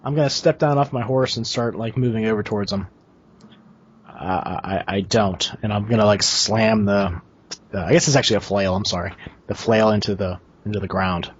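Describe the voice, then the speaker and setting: A man's voice: on the low side, normal speed. Man, tabletop player, casual, muffled call audio, faint hiss. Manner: casual, describing actions. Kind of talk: in-character game talk. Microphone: video call.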